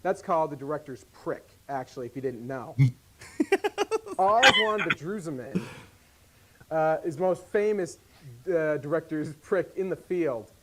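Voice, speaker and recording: A man narrating an old homemade comedy video in a deadpan, mock-serious way. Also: on the high side, measured pace, long pauses, a little hiss or hum, poor audio.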